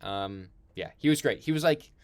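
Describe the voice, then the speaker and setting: A young man hosts a loose, casual film chat, rambling along with plenty of fillers and laughs. His voice sits a little low. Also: lively intonation, moderate pace. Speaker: podcast host.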